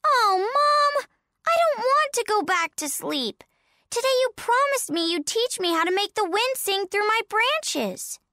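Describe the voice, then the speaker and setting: A woman doing a squeaky, whiny little pine tree child. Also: big pitch swings, measured pace, sharp tone, dry recording, clean studio sound, heavily acted. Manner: whiny, teasing sing-song.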